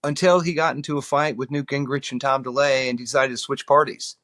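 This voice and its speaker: A man's voice: mid-range voice, steady tone, brisk, a bit bright, no room sound. A middle-aged man from New York, a guest in an interview, talking earnestly and often repeating words while he thinks. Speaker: guest, political consultant. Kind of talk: conversational interview.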